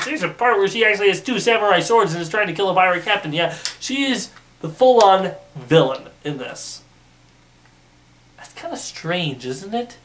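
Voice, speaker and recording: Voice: medium pitch, fairly bright tone. Rambling reviewer on a distant mic. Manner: rambling, frequent restarts and "you know". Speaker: film reviewer. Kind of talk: casual spoken movie review. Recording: distant mic with faint hiss.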